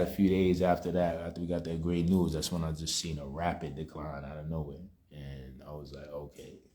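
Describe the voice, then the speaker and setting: Speaking in a warm, low-pitched voice, a young male vlogger gives a personal testimony. The delivery is subdued, reflective and meandering, with "you know" cropping up again and again in this casual account.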